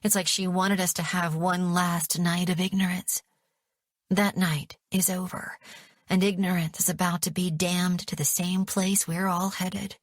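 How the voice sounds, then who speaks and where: Woman narrator, first-person audiobook, unhurried, lower voice. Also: level tone, dry recording, studio quality. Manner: measured, dramatic.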